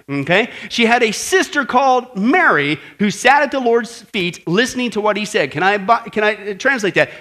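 Guy preaching, high bright voice that jumps all over, folksy and asks the crowd lots of questions. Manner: animated, folksy, rhetorical questions. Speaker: pastor. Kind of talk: sermon with a told joke.

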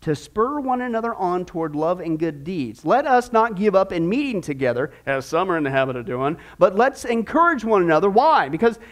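In a high, sing-song voice, a little fast and with few pauses, a man leads a church discipleship lesson on stewardship. Between scripture readings he jokes and teases the class, putting on mocking voices to portray the proud.

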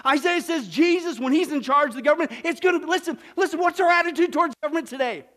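A man preaching a sermon in an animated way, with laughing, mocking asides. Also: extremely high pitch, quick pace. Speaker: pastor.

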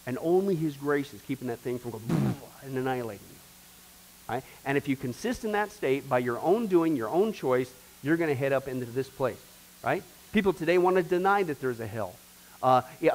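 A man with a highish, darkish voice teaches a church discipleship class, preaching emphatically with lively intonation at a slightly quick pace. He repeats phrases and speaks straight to the group. The recording quality is poor.

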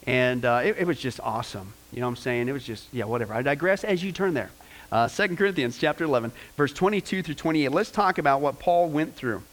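A pastor preaching a sermon in an informal, rambling way, often checking in with "okay?" and "you know". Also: male voice, medium pitch, lively intonation, fast, low-quality recording. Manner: informal, rambling delivery with many okays and you-knows.

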